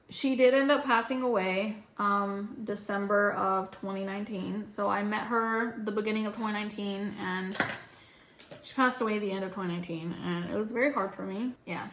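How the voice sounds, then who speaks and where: A woman's voice: medium pitch, fairly bright tone. A young woman vlogging, venting casually and frankly, rambling with lots of "like". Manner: rambling, frank, heavy use of "like". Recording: roomy echo.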